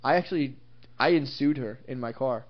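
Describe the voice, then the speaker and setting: A man's voice: mid-range voice, a little fast. A young man co-hosting a podcast, chatting crudely and telling stories with lots of swearing. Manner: profane, storytelling, laughs often. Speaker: podcast co-host. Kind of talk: crude casual chat. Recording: dull lo-fi podcast audio.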